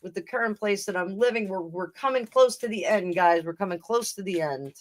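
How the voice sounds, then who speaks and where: This tarot reader talks briskly in a mid-range voice while running a live stream. She rambles in a relaxed way, laughing often and starting over mid-thought.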